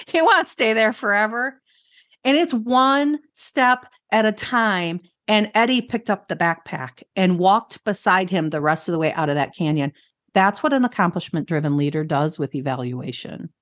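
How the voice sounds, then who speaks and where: A woman's voice: medium pitch, unhurried, fairly bright tone, no room sound. Earnest mother telling a story, dry mic. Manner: earnest, emphatic, repeats key phrases. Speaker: podcast co-host, educator. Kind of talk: storytelling in casual chat.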